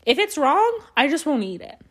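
A young Canadian woman hosts a casual solo podcast, telling rambling stories, swearing often and poking fun at herself. Her voice is high, a bit bright and very animated, at normal speed.

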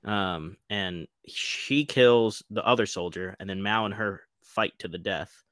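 A man's voice: lowish voice, measured pace, a bit bright, dry recording, clean studio sound. A man co-hosting a casual TV recap, retelling scenes animatedly with swearing and laughter. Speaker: podcast co-host.

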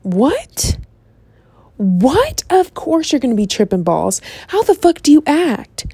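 A young woman in casual, profane chat, sassy and animated, often slipping into mock voices. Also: high voice, measured pace, dry recording.

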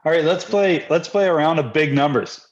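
Podcast guy, kinda high voice, wry skeptical questions, lo-fi sound. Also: fairly quick. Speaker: podcast co-host. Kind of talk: casual chat. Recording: dull lo-fi sound.

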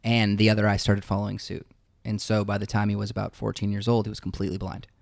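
A man, a musician guest, telling his life story in a casual interview, reflective and halting with fillers. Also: fairly low pitch, little pitch movement, vocal fry, dry recording, studio quality.

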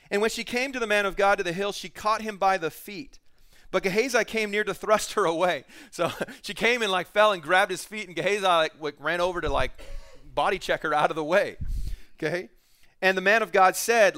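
A man's voice: sits high, normal speed, sharp tone, smooth, dry recording, studio quality. A man preaching a sermon, reading scripture aloud and breaking into casual, joking asides with laughter. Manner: conversational, jokey asides, laughs between readings. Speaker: pastor.

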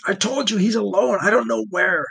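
A man voicing a terrified tortured captive who begs and screams in high, strained cries. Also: fairly quick, gravelly, breathy edge, no room sound, exaggerated voice. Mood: screaming. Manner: high pleading cries and shouts.

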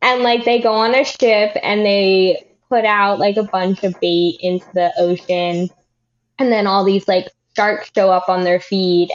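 A woman's voice: medium pitch, lo-fi sound. A woman co-hosting a podcast in casual chat, rambling through stories with lots of fillers and giggles. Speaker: podcast co-host.

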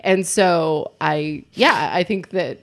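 A woman's voice: fairly low pitch, slow pace. A woman comedian in casual chat, telling a story animatedly and laughing often. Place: Los Angeles.

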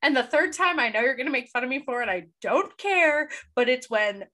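A woman's voice: high voice, expressive, fairly quick, sharp tone. A young woman co-hosting a casual chat podcast, gushing and emotional, laughing often as she talks. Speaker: podcast co-host.

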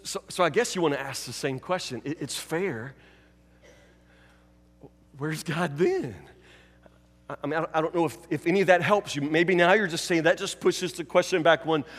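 A pastor giving a sermon, preaching emphatically and repeating key phrases, dropping from loud to hushed. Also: male voice, fairly high pitch, moderate pace, long reverb tail.

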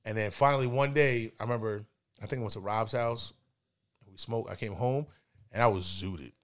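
A man casually telling a long personal story on a podcast, slangy and relaxed, getting animated when he quotes people. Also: fairly low pitch, brisk. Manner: laid-back, slangy, animated when quoting others. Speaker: podcast co-host. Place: indoors, podcast setting.

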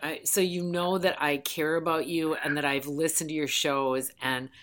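A woman's voice: low voice, fairly even intonation, normal speed, a bit bright. A woman hosting a podcast over the phone, chatting casually, rambling and swearing freely. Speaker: podcast host. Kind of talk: casual chat. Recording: phone line.

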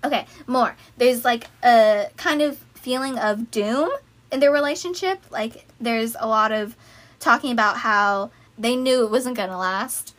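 A young woman talking through song lyrics in a casual, chatty way, reeling off lists and breaking into excited asides. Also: a little high, measured pace. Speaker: fan video creator. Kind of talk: casual lyric analysis talk.

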